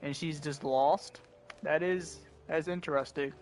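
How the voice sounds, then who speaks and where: A man's voice: on the high side, steady tone, measured pace, a little mellow, slight background noise. Laid-back slangy young male streamer. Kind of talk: casual gaming commentary. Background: game audio and music.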